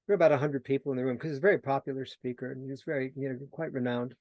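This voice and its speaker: A man's voice: medium pitch, rapid-fire, few pauses, no room sound. A man telling personal stories as a guest on an interview show. He brings the story to life by acting out the dialogue, and he sometimes repeats and restarts his words. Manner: animated storyteller who acts out quoted dialogue; repeats himself and restarts when searching for words. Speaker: guest, personal transformation coach. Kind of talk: storytelling in conversation.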